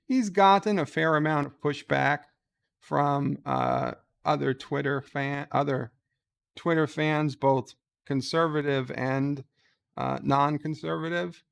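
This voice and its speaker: A man giving slow, halting casual commentary, reading out posts and answering them with many ums and uhs. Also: on the high side, fairly even intonation, creaky, smooth. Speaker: YouTuber reading and answering tweets.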